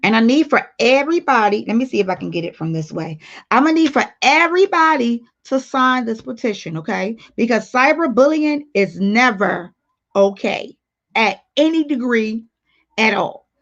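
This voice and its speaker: A woman hosting a casual livestream speaks at normal speed in an expressive, somewhat high voice. She reads viewer comments out loud and addresses her viewers directly with blunt humor, over dull lo-fi audio.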